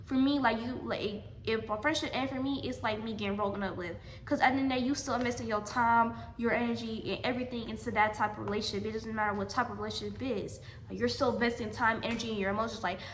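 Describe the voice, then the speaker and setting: A woman's voice: a little high, fairly bright tone, roomy sound, a little hiss or hum. A woman telling a storytime vlog emphatically, repeating her points and calling her viewers y'all. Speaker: vlogger.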